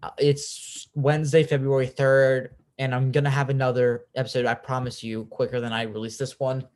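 A man's voice: medium pitch, flat delivery, moderate pace, darkish tone. Chatty, opinionated young podcast man. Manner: chatty, opinionated, swears freely, lots of "like". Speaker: podcast host. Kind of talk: casual recap podcast.

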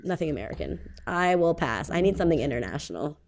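A woman's voice: low voice, sing-song, fast talker, gravelly, darkish tone, slight background noise. A woman co-host presenting her segment in a chatty, upbeat way, with fillers and small laughs. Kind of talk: casual radio-show chat.

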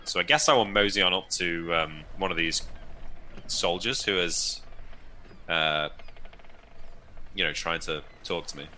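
A man's voice: low-pitched, unhurried, pauses often, sharp tone, a little hiss or hum. A man taking part as a player in a tabletop role-play, earnest and hesitant.

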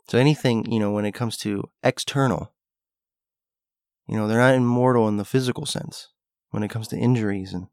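A man's voice: on the low side, creaky, no room sound, clean studio sound. A man talking through a rambling, musing monologue, thinking aloud with restarts and asides. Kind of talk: casual monologue.

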